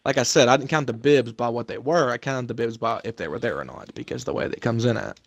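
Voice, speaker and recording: Young man, fast talk, profane and heated, casual storytelling. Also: mid-range voice, creaky, no echo. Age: young adult. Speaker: storyteller venting about work. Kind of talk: casual chat.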